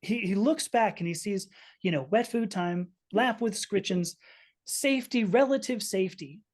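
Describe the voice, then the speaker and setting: A woman in her fifties, guesting on a podcast, tells a personal story earnestly and with feeling, frequently restarting her sentences. Her mid-range voice is a little mellow and moves at a normal speed.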